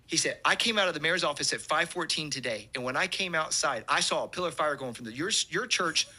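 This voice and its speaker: A man, a pastor telling an animated testimony story and acting out the quotes. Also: on the high side, quick pace.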